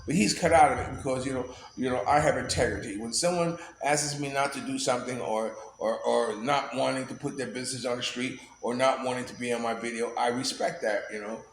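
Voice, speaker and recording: A man's voice: medium pitch, steady tone, fairly quick, hardly any pauses. Rambling man telling stories, echoey room. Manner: rambling, laughs often, many "you know" fillers. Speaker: vlogger. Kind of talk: casual storytelling monologue. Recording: echoey room, faint background noise.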